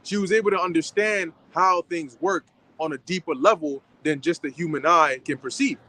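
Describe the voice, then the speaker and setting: A man at a church gathering adding his thoughts, halting and full of fillers and restarts. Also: on the high side, sharp tone, poor audio. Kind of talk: informal sermon remarks.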